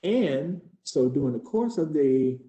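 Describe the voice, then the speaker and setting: Unhurried and with lively intonation, a man whose dark-toned voice sits on the high side acts out a case study as a trainer. He speaks in the first person, earnest and conversational, letting tension build, recorded in a roomy hall.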